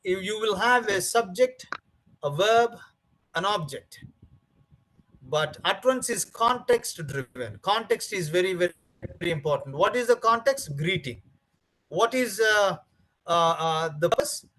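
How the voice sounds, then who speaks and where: High-voiced man lecturing teachers. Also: animated, a little slow, fairly bright tone, rough recording. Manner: repetitive, emphatic, many fillers. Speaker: teacher trainer. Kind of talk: training lecture.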